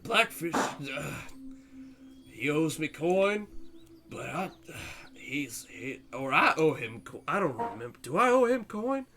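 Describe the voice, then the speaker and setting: A man's voice: a little high, sing-song, unhurried, pushed and bright, slight background noise, pitched above the performer's own voice, full character voice. A man doing a grumpy, muddled drunk. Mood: grumbling. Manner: slurred, stubborn, muddled. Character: drunk grumpy stone priest on his day off.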